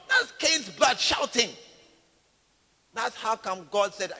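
A man preaches an emphatic sermon, peppering the congregation with questions. His voice sits very high and rings bright and piercing, with a long reverb trailing behind it in a church hall. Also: animated, measured pace, pauses often.

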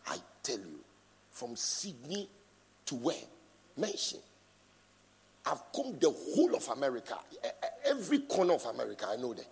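A middle-aged man preaching a sermon and reading scripture, emphatic, swinging from soft asides to shouts, prompting the congregation to answer. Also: mid-range voice, wildly swooping pitch, moderate pace, gravelly, long pauses, husky. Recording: long reverb in a large hall.

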